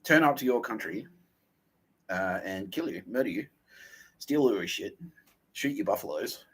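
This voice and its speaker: A man's voice: lowish voice, lively intonation, normal speed, slightly rough, low-quality recording. A man voicing a swaggering, lying conquistador, brash and mocking.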